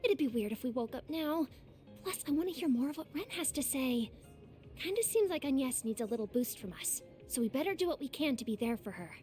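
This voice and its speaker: A woman voicing a lively girl in a game, bright and animated. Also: sits high, brisk, faint music behind. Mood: eager.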